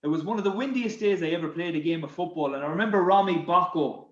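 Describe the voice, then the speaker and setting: A man's voice: a little high, quick pace, roomy sound, lo-fi sound. Man telling football stories. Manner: animated, repeats words, laughs at his own stories. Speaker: podcast guest, former footballer. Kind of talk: anecdotal storytelling.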